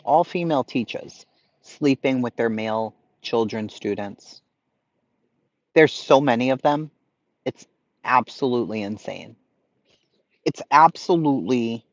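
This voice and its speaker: A man hosting a casual livestream, chatting to viewers in an excitable way and swearing freely. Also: medium pitch, no room sound, lo-fi sound. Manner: profane, excitable, talks to chat. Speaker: livestream host.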